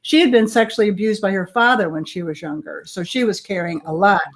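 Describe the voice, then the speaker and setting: A middle-aged bully prevention expert appears as a guest on an interview show, recounting her life story in a candid, plain-spoken conversation. She speaks fairly quickly in a medium-pitched voice.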